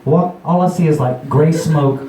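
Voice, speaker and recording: A man's voice: moderate pace, warm tone. A young man telling a rambling, profane story live, laughing and acting out voices. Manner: rambling, profane, laughing, acts out quotes in a higher voice. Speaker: storyteller at an open mic. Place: bar or juke joint. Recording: echoey room from far off.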